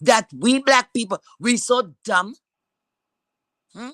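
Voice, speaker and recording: Woman commentator, bright edgy tone, blunt and foul-mouthed, hammering rhetorical questions. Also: a little high, lively intonation, slow pace, no echo. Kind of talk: heated opinion rant.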